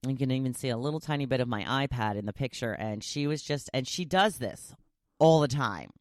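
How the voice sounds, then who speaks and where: Chatty woman host for a solo talk show, animated and lively, recorded dry with no room. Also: extremely low pitch, a little fast, dry recording. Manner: chatty and animated, often laughing. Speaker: podcast host. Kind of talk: casual solo podcast chat.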